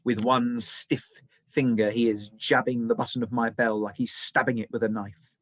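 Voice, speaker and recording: A male teacher reading a children's novel aloud, with expressive, dramatic storytelling. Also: medium pitch, normal speed, dry recording.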